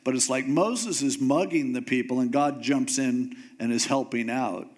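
A man's voice: mid-range voice, normal speed. Man preaching with casual humor. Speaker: pastor. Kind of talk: sermon.

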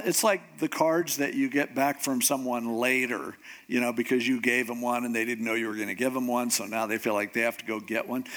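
A middle-aged man preaching a humorous sermon, telling stories and acting out the voices of the people he quotes. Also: medium pitch. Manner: animated storytelling, acts out quoted voices. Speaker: pastor.

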